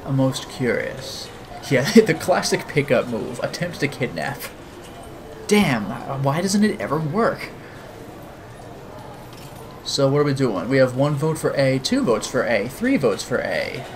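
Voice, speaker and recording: This streamer's mid-range voice is very animated and unhurried, with frequent pauses and some background noise. It's a live-streamed visual novel reading, the streamer narrating aloud, commenting, chatting with viewers and laughing a lot.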